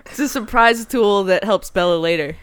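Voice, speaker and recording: A woman co-hosting a podcast in casual chat, delivering deadpan, sarcastic quips. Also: mid-range voice, normal speed, clear, resonant tone, no echo. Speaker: podcast co-host.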